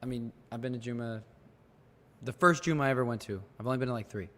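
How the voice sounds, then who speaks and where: A male host making relaxed, chatty comments in a casual livestream. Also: medium pitch, quick pace, big-room sound.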